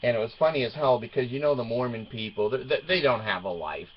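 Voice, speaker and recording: A man's voice: medium pitch, fast, a little hiss or hum. Wry middle-aged man, dull lo-fi sound. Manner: wry and joking, chuckles through his stories. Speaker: father telling a family story. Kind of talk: casual storytelling monologue. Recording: dull lo-fi recording.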